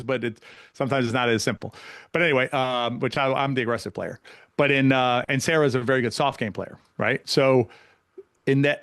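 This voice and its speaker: Fast-talking man coach. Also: medium pitch, no room sound, studio quality. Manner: fast, animated storytelling with many restarts. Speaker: pickleball coach and guest. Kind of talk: casual podcast conversation.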